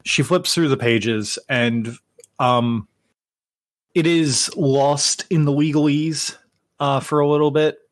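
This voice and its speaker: A man narrating a tabletop game as game master, halting with many fillers and restarts. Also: fairly high pitch, fairly even intonation, no room sound, studio quality.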